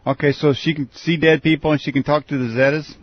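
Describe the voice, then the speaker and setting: A man's voice: a little high, level tone, quick pace. A male host asking wry, teasing questions and giving short acknowledgements. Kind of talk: casual interview. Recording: dull lo-fi sound.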